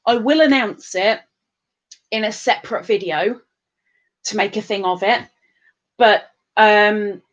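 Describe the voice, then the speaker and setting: An English woman with a somewhat high voice hosts a live stream at an unhurried pace. She chats casually, rambles and restarts her sentences, and reads viewer comments aloud. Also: lo-fi sound. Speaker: livestream host.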